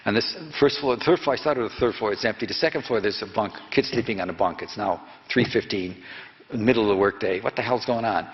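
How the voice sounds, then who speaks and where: A man's voice: fairly low pitch, fairly quick. A man in his seventies, a journalist, telling a long anecdote in a digressive way, with many restarts and self-corrections. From United States. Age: 70s. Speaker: investigative journalist telling a story. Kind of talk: rambling anecdotal storytelling to an audience. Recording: dull lo-fi recording in a reverberant hall.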